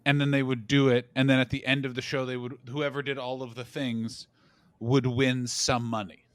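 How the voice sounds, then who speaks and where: A man chatting on a comedy podcast, spinning loose, animated stories with plenty of swearing and acted-out quotes. His voice is close and dry, with no room sound, and sits at an ordinary pitch. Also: moderate pace, no room sound. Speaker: podcast co-host. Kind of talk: casual comedic chat.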